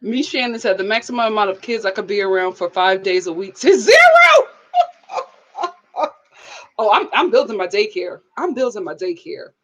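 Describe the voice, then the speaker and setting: Animated woman chatting live. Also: mid-range voice, moderate pace. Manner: animated, laughs often, reads chat comments aloud. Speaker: live show host. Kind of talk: casual live review chat.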